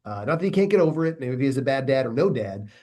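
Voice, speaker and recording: A man leading an academy, speaking as a podcast guest in a measured, reflective way, often ending his points with a checking question. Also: medium pitch, sing-song, darkish tone. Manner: measured, reflective, tags sentences with "right?". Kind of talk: interview conversation.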